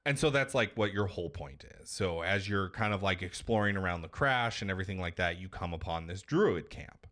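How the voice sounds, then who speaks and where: A man on a podcast, casually retelling a video game story in an animated, profane way. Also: deep voice, fairly quick. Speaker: podcast co-host.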